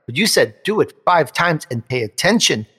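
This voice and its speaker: Upbeat host guy with a higher voice, punchy emphatic delivery, kinda echoey room. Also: very animated, moderate pace, bright, forceful tone, husky. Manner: enthusiastic, emphatic, laughs between points. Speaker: show host. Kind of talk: interview chat.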